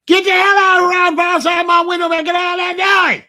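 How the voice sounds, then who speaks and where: A woman's voice: extremely high pitch, level tone, a little fast, pitched above the performer's own voice. A man voicing a cranky old woman who hollers and cusses from her window. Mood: angry. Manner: shouting, cussing.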